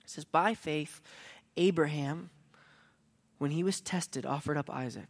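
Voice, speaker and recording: A man preaching a sermon as a pastor, telling a story that swings between hushed lines and emphatic ones. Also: a little high, measured pace.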